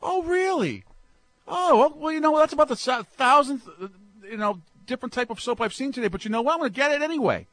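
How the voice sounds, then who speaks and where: A man putting on the voice of a chatty woman shopper who is delighted by a mall salesperson, in a high, fluttery tone. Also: lively intonation, fast, a bit bright. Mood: gushing.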